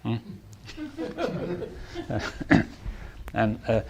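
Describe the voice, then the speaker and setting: Halting, thoughtful man addressing a group. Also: background noise. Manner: thoughtful, halting, often asks "right?"; chuckles lightly between points. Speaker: speaker leading a group dialogue. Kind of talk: reflective spoken talk to a group.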